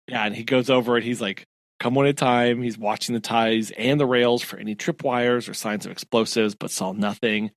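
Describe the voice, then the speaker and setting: A man's voice: medium pitch, fairly quick, no room sound, clean studio sound. A man co-hosting a podcast, chatting casually about a book and acting out character quotes. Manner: animated, acts out character quotes. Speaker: podcast co-host. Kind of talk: casual book-club chat.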